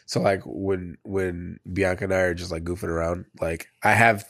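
A man's voice: deep voice, fairly even intonation, normal speed, fairly bright tone, dry recording, clean studio sound. A man in casual chat who rambles with many fillers and laughs easily.

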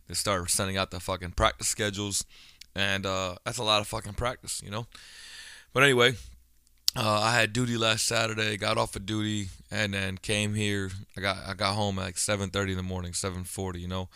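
A man in his thirties hosts his own podcast, chatting casually and alone as a blunt storyteller who swears freely. His voice sits on the low side with little pitch movement, and he talks briskly in a bright, forceful, clear and resonant tone. The studio-quality recording has no echo.

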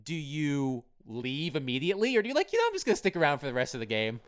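A man's voice: on the high side, huge pitch swings, fast, clean tone. A man co-hosting a casual sports podcast, talking loosely and hesitantly with many fillers. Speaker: podcast co-host, hockey writer.

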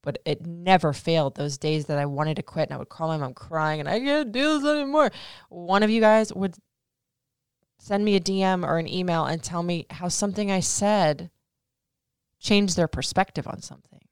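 Woman in her thirties, host of a casual Q&A podcast. Low, smooth voice, candid and emotional, swears freely. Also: normal speed, a little mellow, dry recording, studio quality. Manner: frank, profane, heavy use of "like". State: emotional, near tears. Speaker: podcast host answering listener questions.

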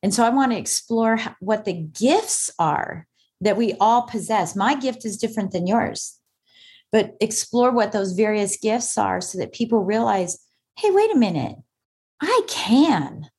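A woman's voice: mid-range voice, measured pace, darkish tone, breathy edge. A woman guest on an interview podcast, speaking with forthright, emphatic conviction as she tells her own story. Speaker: guest, author. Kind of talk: conversational interview.

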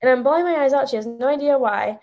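A young woman, a podcast guest, telling an emotional personal story in a halting, tearful way with many fillers. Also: high voice, a little mellow, lo-fi sound.

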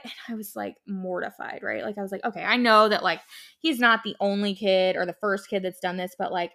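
A woman's voice: medium pitch, steady tone, brisk, creaky, sharp tone. A young woman hosting her own podcast, talking casually in a chatty, rambling way with lots of "like" and "um". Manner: chatty and rambling, many "like" and "um" fillers. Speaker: podcast host. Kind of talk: casual solo podcast monologue.

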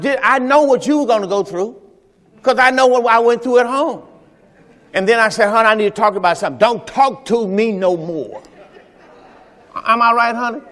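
A male pastor with a high, fairly bright voice preaches a Sunday sermon, speaking casually with his congregation and recounting personal experiences. The reverberant church sanctuary colors the recording.

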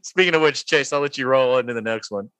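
A man's voice: mid-range voice, fast talker, fairly bright tone, clear, resonant tone, no echo. A young man hosting a podcast, chatting casually over drinks, joking and laughing as he rambles through stories. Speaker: podcast host.

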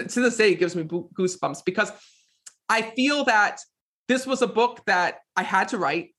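A high-pitched man, interviewed about his work as a psychic medium, tells his stories in a relaxed, lively way. "Next thing you know" comes up again and again.

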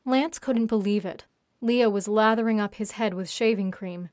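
A woman narrates a written erotic story in a steady, even voice at an ordinary middle pitch. She reads at a normal speed, and the recording is dry and close with no room sound.

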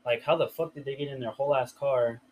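A man's voice: medium pitch, steady tone, fast, dull audio, slight background noise. Laid-back young man telling a story. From Riverside area, California. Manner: laid-back, profane storytelling with filler words. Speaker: podcast host. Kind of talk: casual storytelling chat.

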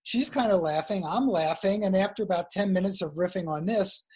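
A man's voice: high voice, a little fast, a little mellow, breathy edge. A man being interviewed as an author over a video call, telling a story in a chatty, laughing way. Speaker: guest author. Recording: video call audio over weak wifi.

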